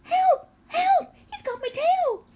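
A woman voicing a young male beaver, frightened and kind, with high squealing cries that turn soft. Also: big pitch swings, moderate pace. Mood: panicked.

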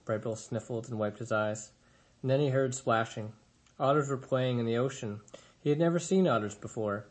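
A man reads a children's novel aloud, steady and expressive. His voice sits in a plain middle register. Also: medium pitch, normal speed, slight background noise. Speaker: reader.

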